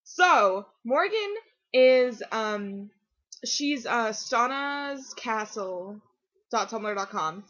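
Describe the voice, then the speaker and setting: A teenage girl chatting casually to her camera at home, rambling and excitable, full of fillers and restarts. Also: fairly high pitch, extremely slow. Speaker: vlogger. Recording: dull lo-fi webcam audio.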